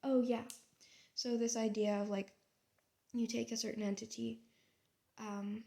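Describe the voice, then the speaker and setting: A young American woman talks to the camera in a loose, thinking-out-loud way, trailing off and restarting often. Her slightly high voice is thick with creaky vocal fry. It sounds like a casual artist's vlog. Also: level tone, a little slow. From United States. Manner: rambling, thinking aloud with many fillers and restarts. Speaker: artist and vlogger. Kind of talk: casual reflective monologue.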